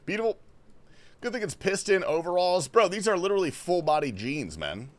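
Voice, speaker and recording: Young male streamer from Australia, loose and profane, with a lively, bouncy delivery. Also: high voice, fairly quick. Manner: reads chat questions aloud and answers loosely, swearing often. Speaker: livestream host. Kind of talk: casual gaming stream chat. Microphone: headphones and desk mic.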